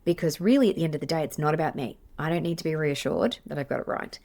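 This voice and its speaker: A middle-aged Australian woman talks through a teaching point on her podcast. Her voice sits low with a gravelly fry, and she rambles warmly through fillers and restarts, laughing at herself. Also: expressive, quick pace. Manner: chatty, self-deprecating, many fillers and restarts. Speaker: play therapist and podcast host. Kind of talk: casual teaching monologue.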